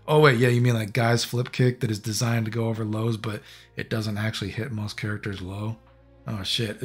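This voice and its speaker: A man with a husky, slightly breathy voice rants bluntly and profanely to his viewers. His delivery is casual and loose, full of restarts. Soft music plays faintly underneath. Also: lowish voice, level tone, normal speed. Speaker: channel host. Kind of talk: casual video rant.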